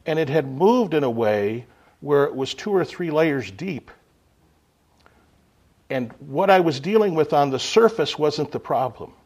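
A man preaching a sermon to a gathering, unhurried, swinging from loud emphasis to quiet asides. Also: a little high, lively intonation.

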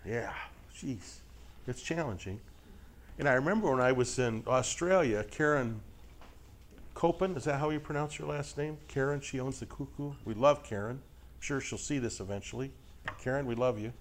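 A man's voice: medium pitch, moderate pace, slight background noise. A middle-aged man teaching a conversational sermon to a live group, folksy and joking, constantly checking with rhetorical questions. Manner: asks frequent rhetorical questions and tag checks; folksy, lively, jokes with listeners. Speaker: Bible teacher.

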